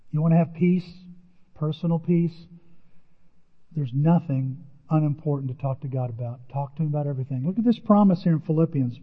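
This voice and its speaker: An older man with a rather high voice preaches in an animated way and leaps up in pitch whenever he acts out a quoted line. The sound is muffled and lo-fi, and a long hall reverb trails after each phrase. He comes across as a pastor speaking from the front of a church. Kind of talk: sermon.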